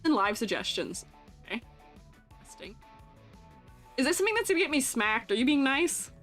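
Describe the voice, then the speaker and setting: A woman's voice: high voice, big pitch swings, brisk, a bit bright, faint music behind. A young woman streamer and art teacher chatting casually with her viewers, teasing and laughing often.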